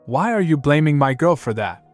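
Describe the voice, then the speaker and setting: A man voicing a loud, protective male spirit who bellows back in a storybook recap. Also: a little high, sing-song, normal speed, faint music behind, pitched above the performer's own voice. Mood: defensive. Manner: bellowing, defensive.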